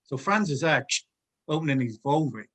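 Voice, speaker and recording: A middle-aged man, a former footballer, casually telling animated anecdotes as a podcast guest and laughing often. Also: a little high, normal speed. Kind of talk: casual storytelling.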